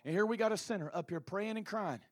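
A man preaching a sermon in a dramatic, impassioned storytelling manner, often shouting. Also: sits high, fast talker, dry recording.

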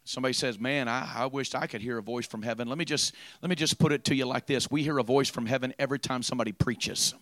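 A man preaching a sermon, moving from quiet storytelling to loud, drawn-out preaching. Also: medium pitch, no room sound.

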